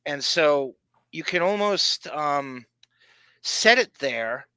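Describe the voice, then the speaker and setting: A man from Long Island co-hosting a podcast, talking in an animated, excitable way with frequent restarts. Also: fairly high pitch, slow pace, smooth, no room sound. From Long Island, New York. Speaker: podcast co-host. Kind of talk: casual chat.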